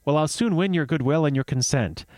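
A man's voice: fairly high pitch, brisk, darkish tone, dry recording, close to an everyday voice. A man voicing a blunt, boastful male dwarf suitor in a read-aloud myth, speaking testily and impatiently. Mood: smug. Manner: testy and impatient.

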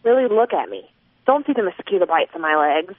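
Woman audiobook narrator, expressive first-person reading, phone-like narrow sound, dry. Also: fairly low pitch, a little fast, dry recording. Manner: expressive, voicing a twelve-year-old girl's inner thoughts.

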